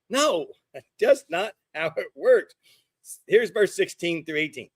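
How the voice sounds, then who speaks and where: Middle-aged guy preaching, kinda high voice, dry close sound, swings loud then hushed. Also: moderate pace, dry recording. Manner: animated preaching, acting out quoted voices with sudden gasps and hushed asides. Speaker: pastor. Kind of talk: sermon.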